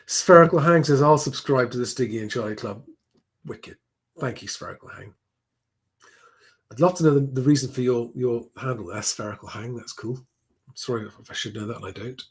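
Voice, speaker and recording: Husky-voiced man rambling on a live stream. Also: medium pitch, a little fast. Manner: rambling, chatty, many restarts. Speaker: livestream host reading viewer comments. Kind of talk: casual live-stream chat.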